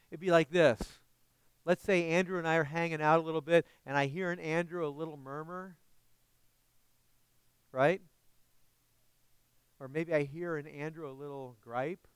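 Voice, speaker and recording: A man's voice: a little high, clean tone, no room sound. A man preaching a sermon as pastor, earnest and often asking his listeners questions.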